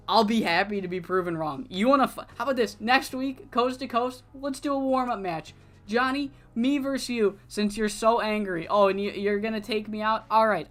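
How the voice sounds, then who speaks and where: A cocky male wrestler taunts a furious rival and dares him into a match, as a streamer puts him on. He sounds amused and mocking throughout, in a medium-pitched voice. Soft music sits in the background. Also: close to an everyday voice. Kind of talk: improvised wrestling promo while streaming.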